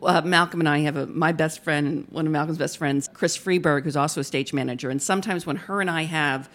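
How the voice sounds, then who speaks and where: Low-voiced woman telling lively anecdotes. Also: fairly quick. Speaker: stage manager, guest. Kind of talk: casual interview storytelling.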